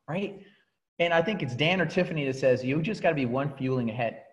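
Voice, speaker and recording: A man giving a motivational talk to a coaching team, telling his story in an animated way and often restarting his sentences. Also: fairly high pitch, fairly quick, poor audio. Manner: animated storytelling, repeats words and restarts, laughs at himself.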